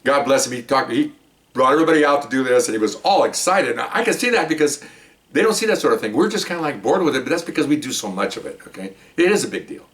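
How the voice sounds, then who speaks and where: This police officer talks at a fast clip in a medium-pitched, slightly bright voice with lively intonation. He casually spins a long, rambling story from his job, chatting away and often checking in with his listener by asking "okay?" His voice sounds a bit distant from the microphone.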